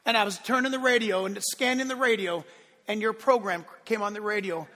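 High bright-voiced preaching man, reverberant. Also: steady tone, fairly quick. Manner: emphatic preaching, swinging between loud declarations and hushed asides. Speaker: pastor. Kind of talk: sermon. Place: church sanctuary.

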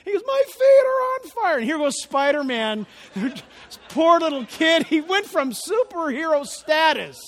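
A pastor preaching an expository sermon, reading scripture and breaking off into animated, conversational stories. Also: male voice, very high-pitched. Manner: conversational, animated storytelling asides. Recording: long reverb of a large hall.

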